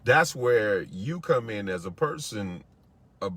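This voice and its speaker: A man's voice: lowish voice, expressive, fairly bright tone, husky. A man, backing up the pastor and adding his own thoughts in conversation. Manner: affirming, conversational, drawn-out.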